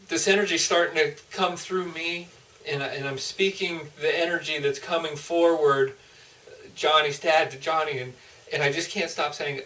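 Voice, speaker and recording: A man's voice: fairly high pitch, pushed and bright, recorded from a distance, low-quality recording. A man, a motivational speaker, telling an emotional personal story in an earnest, heartfelt way with frequent restarts.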